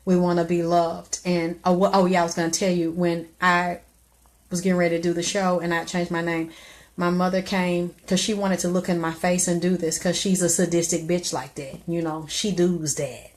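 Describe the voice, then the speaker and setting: On her live stream, a middle-aged woman preaches blunt, profane advice, now and then bursting into loud exclamations. Her voice is on the low side, level in tone, at a normal speed.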